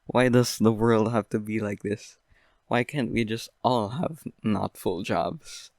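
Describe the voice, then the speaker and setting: A young man hosting a podcast, rambling through an absurd deadpan comedic monologue full of fillers. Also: fairly low pitch, takes it slowly, dry recording. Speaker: podcast host.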